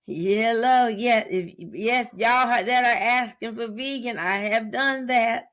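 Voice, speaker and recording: A woman's voice: a little high, takes it slowly, fairly bright tone. A woman doing a mother endlessly greeting stream viewers. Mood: chirpy. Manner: repeats hellos to each viewer.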